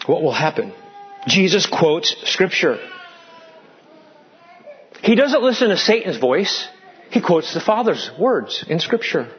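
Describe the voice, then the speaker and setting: A pastor preaching a dramatic sermon, dropping into hushed tones for emphasis. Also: male voice, a little high, big pitch swings, takes it slowly, pauses often, lo-fi sound, soft background music.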